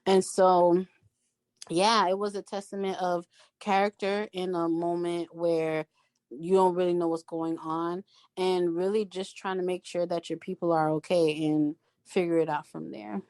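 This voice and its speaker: A woman guesting on a podcast, telling a story in an animated, emphatic way and acting out what people said. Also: fairly low pitch, measured pace, no echo. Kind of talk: casual storytelling chat.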